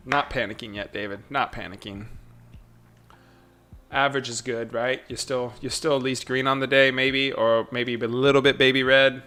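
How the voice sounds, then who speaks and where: A man at a mid pitch, streaming his stock trades live and talking half to himself, half to chat. He mutters in a loose running commentary, repeating short phrases over and over, then breaks into quick excited outbursts. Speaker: live day-trading streamer.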